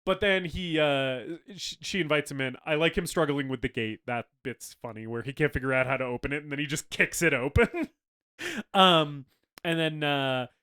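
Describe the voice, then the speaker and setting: A man's voice: a little high, moderate pace, pushed and bright, smooth. A man co-hosting a casual film podcast, retelling scenes with a lot of laughter, acting out characters' lines and swearing casually. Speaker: podcast co-host. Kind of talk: casual film-discussion chat.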